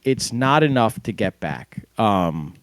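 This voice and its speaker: A man co-hosting a casual sports recap over an online call, walking through the plays in a relaxed way. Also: on the low side, slow, no room sound. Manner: relaxed, play-by-play recounting with fillers. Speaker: podcast co-host.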